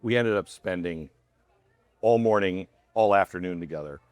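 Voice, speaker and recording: A man, a radio host by trade, sits as a guest and tells stories in an earnest, reflective way. His voice is on the low side. The recording is dry and close. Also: normal speed, darkish tone, no room sound. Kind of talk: casual chat, storytelling. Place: diner.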